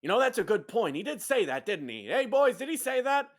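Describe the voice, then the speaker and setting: A brash, blustering ringleader, voiced by a male game master in a tabletop roleplay. He speaks loudly and eagerly, with a raised voice that swings a lot in pitch. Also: sing-song, a little fast. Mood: boisterous.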